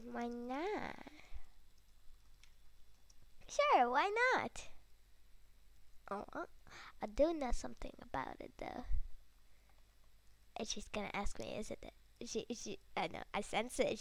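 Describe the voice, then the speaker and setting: A woman's voice: fairly high pitch, darkish tone, no room sound. A woman hosting a casual gameplay video, chatting to herself and her viewers with frequent giggles and whispered asides. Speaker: gaming video host.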